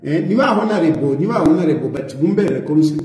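A man with a Zambian accent giving animated political reaction commentary, firing rhetorical questions. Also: fairly high pitch, quick pace, reverberant, big-room sound, low-quality recording. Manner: animated, repeats rhetorical questions, laughs mockingly.

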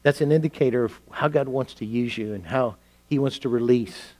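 A man's voice: mid-range voice, fairly quick, darkish tone. A middle-aged man preaching a sermon, telling a story earnestly with frequent restarts. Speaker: pastor. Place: church sanctuary.

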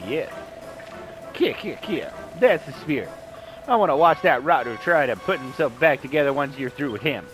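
A man's voice: mid-range voice, lively intonation, moderate pace, close to an everyday voice, low-quality recording. A man voicing a cocky, mocking male skeleton sailor in a put-on Southern accent over game music. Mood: taunting. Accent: put-on American Southern. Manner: taunting, brash, cackling laugh.

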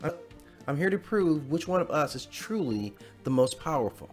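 A man's voice: fairly high pitch, big pitch swings, moderate pace, faint music behind, pitched above the performer's own voice. A man voicing a smug, menacing female genie in a storybook reading, purring out sarcastic taunts in a voice raised above his own. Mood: teasing.

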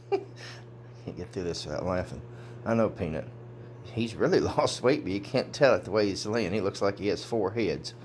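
A man filming his dogs at home on a phone, talking to them casually, laughing a lot and cooing at them in a high sing-song voice. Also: expressive, moderate pace, pauses often, darkish tone, slight background noise. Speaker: dog owner filming his pets.

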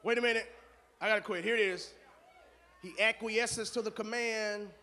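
A man preaching a sermon as pastor, moving from low conversational asides to loud shouted call-and-response. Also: steady tone, moderate pace.

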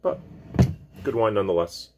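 A man casually talking through a wine tasting at home, rambling and relaxed with many restarts. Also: fairly low pitch, moderate pace, heavy background noise. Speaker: wine vlogger.

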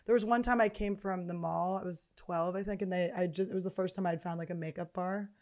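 Fast-talking woman telling crude stories. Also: fairly low pitch, steady tone, a little mellow. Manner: profane, laughing storyteller. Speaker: podcast host. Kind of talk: casual comedic chat.

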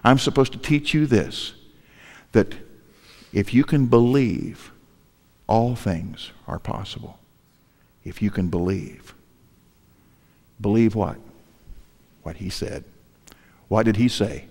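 Preaching in a large church hall, an older pastor speaks in a fairly low, slightly mellow voice at a slow pace, pausing often, with a long reverb tail behind him. His sermon mixes storytelling, jokes at his own expense, and rhetorical questions aimed at the congregation.

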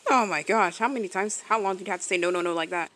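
A woman's voice: medium pitch, fast, fairly bright tone, a little hiss or hum, poor audio. A woman giving casual, rambling reaction commentary, thinking aloud as she watches. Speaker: video reactor. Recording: video soundtrack music playing behind.

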